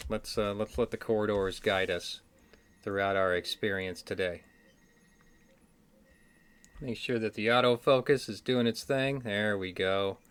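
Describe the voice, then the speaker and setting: A man's voice: fairly low pitch, a bit bright, clean tone. A man with a Midwestern accent hosting a casual trivia video, rambling and correcting himself with wry asides. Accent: Midwestern American. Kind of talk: casual solo chat to camera. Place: indoors, card game stack behind him.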